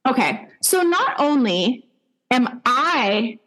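A young adult woman, a dog trainer, telling stories in casual podcast chat, animated, swearing freely and using lots of fillers. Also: sits high, moderate pace.

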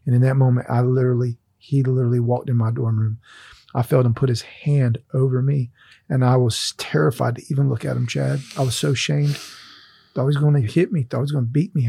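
A man's voice: medium pitch, gravelly, dark tone, husky, no echo, studio quality. A man hosting a faith conversation, telling a personal testimony in an earnest, emotional way.

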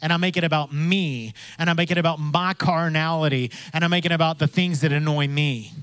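A man's voice: a little high, steady tone, fairly quick, a bit bright, smooth, no echo. A man preaching a sermon in a conversational way, repeating phrases and acting out the voices he quotes. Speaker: pastor.

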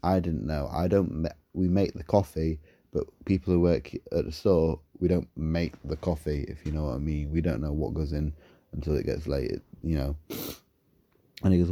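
A man's voice: a bass voice, fairly even intonation, moderate pace, mellow, dry recording. A man, co-hosting a podcast and frankly telling stories about customers, with plenty of swearing. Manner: frank, profane storytelling. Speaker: podcast co-host. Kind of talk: casual chat.

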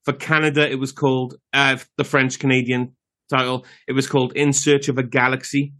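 A man's voice: mid-range voice, flat delivery, a little fast, a bit bright. A man co-hosting a podcast, telling rambling stories in casual chat with many fillers. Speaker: podcast co-host.

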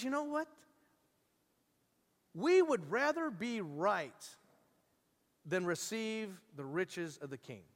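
High-voiced pastor preaching in a reverberant hall. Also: male voice. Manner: animated storytelling, acts out quoted voices, swings from hushed to shouting. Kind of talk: sermon.

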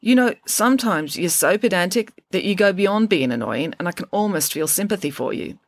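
A woman's voice: lowish voice, expressive, brisk, dry recording. A woman reading the part of a snide, prickly teenage boy who sneers and grows exasperated. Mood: sneering.

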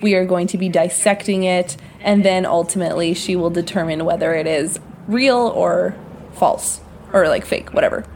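A woman's voice: on the low side, normal speed, a little mellow, slight background noise. A woman co-hosting a casual podcast, giggly, who stumbles over words as she reads a scary story aloud. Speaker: podcast co-host.

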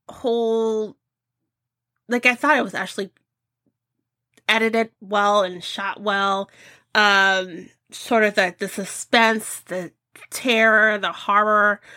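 A woman hosting a podcast, chatting casually about movie picks and acting out scenes in high voices. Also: sharp tone, no room sound. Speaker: podcast host.

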